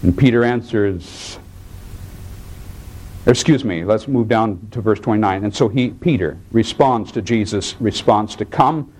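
A man preaching a sermon who swings his voice high and low and acts out the voices in the story he tells. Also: unhurried, darkish tone, slight background noise, low-quality recording. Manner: preaching with sweeping rises and drops in pitch. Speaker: pastor.

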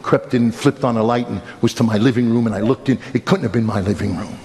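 A middle-aged male pastor preaching a sermon, telling a funny story in an animated, self-mocking way with sudden emphatic rises. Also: mid-range voice, quick pace. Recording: long hall reverb, faint background noise.

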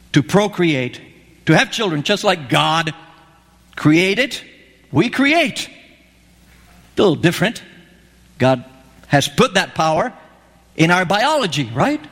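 A man with a high, fairly bright voice preaches a sermon in a conversational style, frequently posing questions to his listeners. The recording has the echo of a large hall.

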